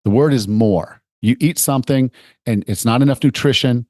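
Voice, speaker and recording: A man's voice: medium pitch, normal speed, darkish tone, no room sound, studio quality. A middle-aged man hosting a fitness podcast, explaining ideas in a chatty way and acting out little examples. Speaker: podcast host and fitness coach. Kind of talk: conversational interview.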